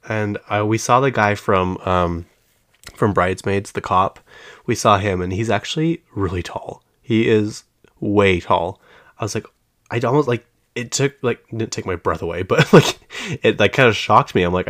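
A man's voice: fairly low pitch, unhurried, fairly bright tone. A man hosting his own podcast from home, chatting casually and rambling off topic with lots of fillers. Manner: chatty storyteller who laughs often. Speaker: podcast host. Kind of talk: casual solo podcast chat.

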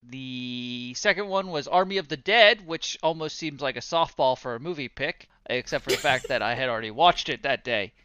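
A man's voice: mid-range voice, lively intonation, normal speed, few pauses, dull audio, background noise. A man co-hosting a casual podcast, laid-back and a little forgetful, laughing often as he talks. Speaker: podcast co-host.

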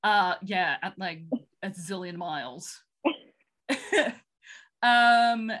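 A woman co-hosting a podcast and recapping a film in casual chat. Her voice sits at a middle pitch with a bright, forceful edge. She rambles and giggles often and fills her pauses with lots of "um"s. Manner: chatty, rambling, giggly, many fillers. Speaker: podcast co-host.

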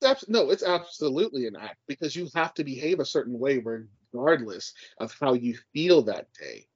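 A man's voice: mid-range voice, big pitch swings, moderate pace, husky, no echo. A man co-hosting a casual podcast. He talks with emphasis and passion and swears freely. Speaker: podcast co-host. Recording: dull dry podcast audio.

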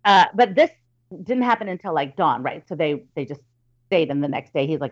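In a relaxed, chatty way, a woman tells a spooky story from her family, often stumbling over words and starting again, and she slips into her relatives' voices. Her voice is a little low and fairly quick, and the recording sounds somewhat dull and lo-fi.

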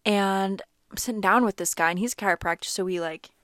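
A woman's voice: medium pitch, a little fast, dry recording, studio quality. A young woman vlogger telling a personal story in a chatty, casual way, full of "like" fillers. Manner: chatty, animated, many "like" fillers.

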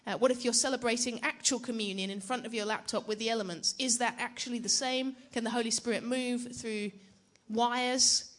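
A woman's voice: a little high, fairly even intonation, fairly quick, hardly any pauses. A young woman preaching to a church gathering in a chatty, self-deprecating way, often asking the audience questions. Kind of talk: conference teaching talk.

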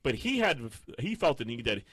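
A man's voice: mid-range voice, big pitch swings, moderate pace, a bit bright, husky, no echo. A man telling a rambling, profane story in casual banter among friends.

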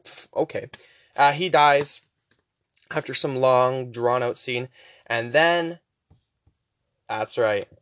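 A young man hosting a podcast, casually rambling through a movie recap with profanity and quick voice impressions. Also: medium pitch, a bit bright, no room sound. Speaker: podcast host.

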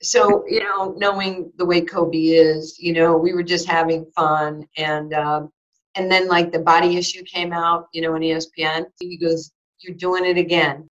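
A woman in her sixties recounts a personal story in an interview, lively and animated. She restarts her sentences often and acts out both sides of each conversation. The recording sounds a little dull and lo-fi. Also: lowish voice, normal speed. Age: 60s. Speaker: former basketball player and sports broadcaster. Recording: slightly dull lo-fi audio.

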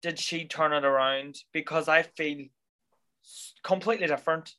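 Bright-voiced, sassy man chatting. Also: a little high, normal speed, clear, resonant tone. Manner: expressive and sassy, with playful swearing. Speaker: podcast co-host. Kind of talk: casual film review chat.

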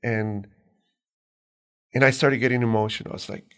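Male interview guest, gravelly, calm and soft-spoken storyteller. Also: medium pitch, moderate pace. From immigrant to New York. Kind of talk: conversational storytelling.

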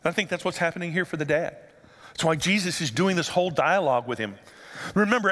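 Bright-voiced preacher in a reverberant church. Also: male voice, high voice. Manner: animated, asks the congregation rhetorical questions. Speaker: pastor. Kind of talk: sermon. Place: church sanctuary. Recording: long hall reverb.

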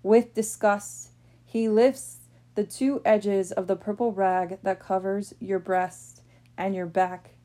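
A woman reading a devotional meditation aloud in a slow, solemn, prayerful manner. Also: medium pitch, steady tone, dark tone.

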